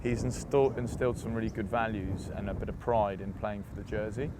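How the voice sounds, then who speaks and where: Man, young adult, low voice, casual storytelling, faint outdoor traffic noise. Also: fairly quick. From England. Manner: chatty, laughing, animated anecdotes. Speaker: interview guest, rugby player.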